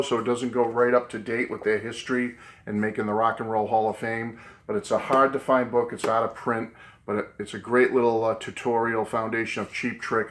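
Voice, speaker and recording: A man with a Boston accent hosting a casual video lesson, chatty and fond of repeating himself. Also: mid-range voice. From New England. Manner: chatty, repeats "okay" and "great book". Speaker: video host.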